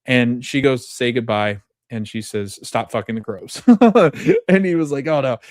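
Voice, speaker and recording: Male podcast host, thirties, mid-pitched, casual recap talk, dry close sound. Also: normal speed, dry recording. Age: 30s. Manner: chatty, retells scenes with quoted dialogue and laughs often.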